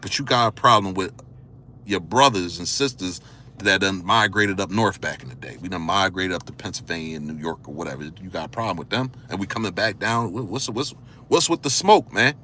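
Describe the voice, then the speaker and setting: A man from the area, giving casual spoken commentary, firing off rhetorical questions in loose slangy talk, his voice swinging from a low murmur to excited high notes. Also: brisk, a little hiss or hum. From Philadelphia area. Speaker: vlogger.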